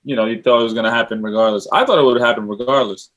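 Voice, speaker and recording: A man's voice: medium pitch, fairly even intonation, rapid-fire, fairly bright tone, muffled recording. A man in casual chat who asks questions thoughtfully.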